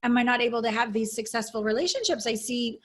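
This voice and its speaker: A woman's voice: on the high side, lively intonation, fast talker. A woman guest coach speaking in an interview, telling her personal story in an earnest, reflective and openly emotional way over a video call.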